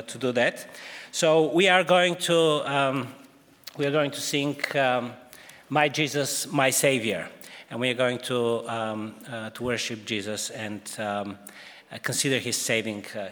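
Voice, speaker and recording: A man's voice: fairly high pitch, a bit bright. Hesitant preacher man in a reverberant hall. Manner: hesitant, many fillers. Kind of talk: sermon. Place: church.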